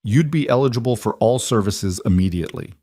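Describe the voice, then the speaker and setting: A man voicing a composed female executive who talks in a measured, direct and reassuring way, in a slightly raised, low-leaning voice. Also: animated, dark tone, no echo, studio quality. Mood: steady. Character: composed female executive making a job offer.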